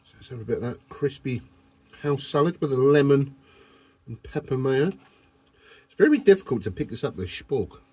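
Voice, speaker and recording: A man's voice: medium pitch, animated, normal speed, long pauses, a little mellow, breathy edge. A man, filming a casual camping vlog on his phone from inside a van. He talks to the camera in a cheeky, jokey way. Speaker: vlogger.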